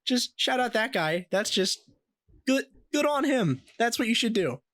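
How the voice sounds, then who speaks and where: A young man co-hosting a podcast, telling stories in a casual, animated way with plenty of swearing and laughter. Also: extremely high pitch, measured pace, no room sound. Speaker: podcast co-host.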